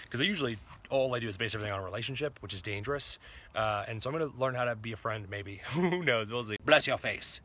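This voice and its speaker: A man's voice: lowish voice, pushed and bright. A man from Florida talking to camera in a casual vlog, rambling and joking at himself. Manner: rambling, self-mocking, laughs between thoughts. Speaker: vlogger.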